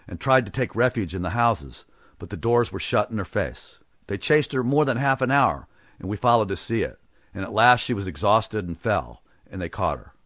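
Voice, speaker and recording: A man narrating a story as an audiobook, with expressive storytelling. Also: lowish voice, no echo.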